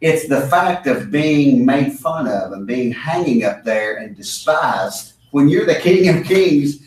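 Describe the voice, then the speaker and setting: A man leads a Bible study in a strongly echoing room, his voice picked up from well away from the mic. He speaks earnestly and with emphasis, hammering home points through repetition. His pitch sits in an ordinary middle range. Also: animated, slow pace, a little mellow. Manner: earnest, emphatic, repeating key phrases for stress. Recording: echoey room, mic far off.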